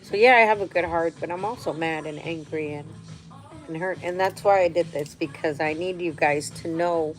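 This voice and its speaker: A middle-aged woman talks candidly and emotionally to her viewers, answering their questions in a rambling, heartfelt way. Her voice is deep and at normal speed, with faint music behind it and poor audio.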